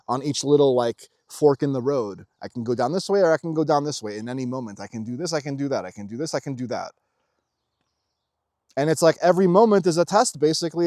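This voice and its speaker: A young man giving a casual, emphatic spiritual monologue as host of his own channel, swearing freely and shifting quickly in intensity. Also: mid-range voice, darkish tone, no room sound, studio quality.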